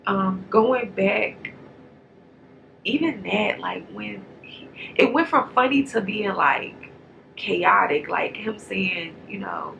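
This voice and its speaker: A woman's voice: medium pitch, takes it slowly, creaky, lo-fi sound, a little hiss or hum. A woman giving a casual, rambling movie review straight to camera. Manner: chatty, rambling, animated.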